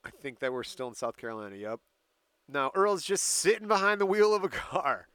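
Male co-host, bright and a bit high, storytelling with frequent laughs. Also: expressive, a little fast, smooth, dry recording. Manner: laughs often while recounting dates and events. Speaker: podcast co-host telling a story. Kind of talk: casual chat.

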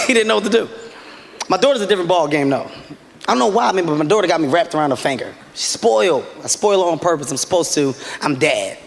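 Male stand-up comic: high, lively delivery, shouty bursts, reverberant live recording. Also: quick pace, vocal fry. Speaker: stand-up comedian. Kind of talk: stand-up routine. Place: comedy stage before a live audience. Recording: reverberant live room with ambient noise.

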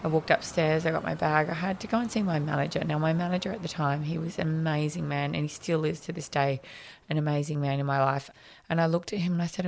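This Australian woman in her thirties speaks as a podcast guest, recounting something personal in a frank, chatty way. Her low-pitched, creaky voice holds a steady tone at a moderate pace, and she reenacts dialogue with plenty of fillers.

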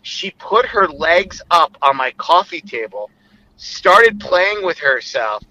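Man, very bright tone, a bit high, rambling explicit storytelling, casual. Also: big pitch swings, takes it slowly, low-quality recording. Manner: rambling, explicit, quotes others in a lowered voice.

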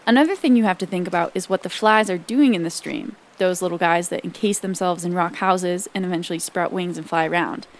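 Calm woman narrating a documentary. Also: lowish voice, fairly quick, hardly any pauses. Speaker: reporter and narrator.

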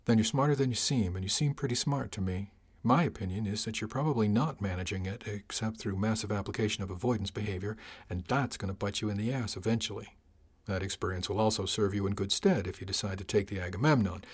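A weary middle-aged starship captain with a lowish voice, as a male narrator plays him, speaking softly and quickly with plain, earnest candor. It is an audiobook character voice. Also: husky. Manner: soft, quick, earnest delivery.

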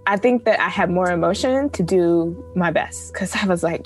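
A woman with a lowish voice speaks candidly, her emotion close to the surface and tears not far off. She laughs softly through the hard parts, with faint music under her. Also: normal speed, hardly any pauses. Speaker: photojournalist. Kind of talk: personal storytelling interview.

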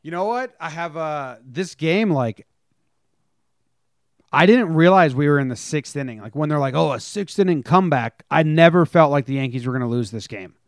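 A man's voice: on the high side, animated, normal speed, smooth, no echo, clean studio sound. A man co-hosting a casual sports podcast, laid-back and teasing. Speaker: podcast co-host.

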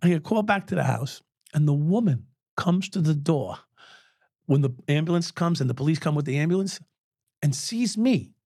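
Man, 60s, ex-cop guest: gravelly, lively, foul-mouthed storyteller. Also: a little high, normal speed, dry recording, studio quality. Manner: animated, swears freely, laughs at his own stories. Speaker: podcast guest, former police officer. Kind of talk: profane storytelling in an interview.

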